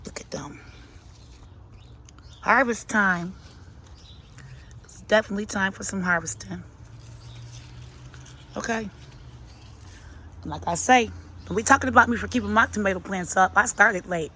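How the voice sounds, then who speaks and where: A woman's voice: mid-range voice, moderate pace, pauses often, bright, forceful tone, a little hiss or hum. A middle-aged woman, chatting sassily to her plants and viewers while she walks through her outdoor garden on a phone camera. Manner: chatty, sassy, talks to herself and her plants. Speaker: gardening vlogger. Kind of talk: casual garden tour chat.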